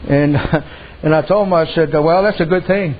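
High-voiced folksy preacher, lo-fi. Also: male voice, normal speed. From Native American reservation community. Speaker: pastor. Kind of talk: sermon.

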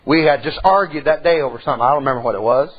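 Middle-aged male pastor, folksy storyteller, husky voice, dull lo-fi church recording. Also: medium pitch, rapid-fire. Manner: folksy storytelling preacher, swings from loud to hushed. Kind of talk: sermon.

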